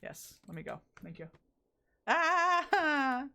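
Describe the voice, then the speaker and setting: A woman's voice: fairly low pitch, lively intonation, a little slow, slight background noise. A woman streamer chatting casually while playing a game, often exasperated, rambling and swearing at it. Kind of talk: casual gameplay chat.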